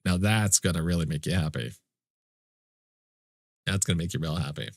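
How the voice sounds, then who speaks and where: A man's voice: low-pitched, normal speed, vocal fry, no room sound, clean studio sound. A man streaming a game live, chatting casually with viewers in mock-indignant, joking complaints and swearing freely. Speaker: livestreamer. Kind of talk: casual livestream chat with viewers.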